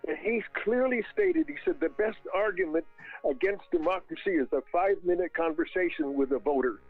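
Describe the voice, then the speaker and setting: A man calling in to a talk show, speaking in a hesitant, halting way. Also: sits high, lively intonation, breathy edge, faint music behind. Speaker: caller. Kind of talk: call-in phone chat. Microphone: phone. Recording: dry tinny phone line.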